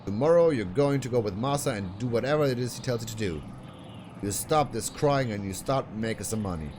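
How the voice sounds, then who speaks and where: A man's voice: medium pitch, expressive, brisk, noisy background, natural voice. A man playing a bullying sleazy manager. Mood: scornful. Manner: scornful, bullying. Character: abusive middle-aged male talent manager, bullying.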